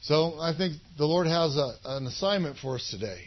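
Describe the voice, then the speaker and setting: A man's voice: on the high side, expressive, normal speed, lo-fi sound. A male pastor preaching a casual sermon in a conversational, rambling way, often checking in with his listeners. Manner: conversational, rambling, asks for agreement.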